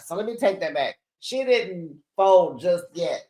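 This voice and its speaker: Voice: medium pitch, lively intonation, a little slow. A reality TV recap host giving a gossipy monologue, sassy and dramatic, acting out quotes and calling viewers besties.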